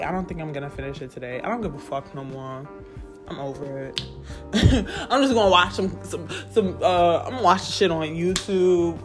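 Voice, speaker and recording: A woman ranting casually about a video game, profane and exasperated, often breaking into laughter. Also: low-pitched. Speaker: gamer reviewing a video game.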